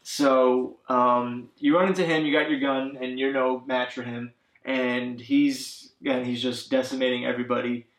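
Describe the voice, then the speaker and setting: A man chats casually, rambling through his thoughts with plenty of fillers and restarts. His voice sits at an ordinary middle pitch. The room around him is noticeably echoey. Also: level tone, normal speed. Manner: rambling, many fillers, acts out characters' lines. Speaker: podcast co-host recapping a video game. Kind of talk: casual chat.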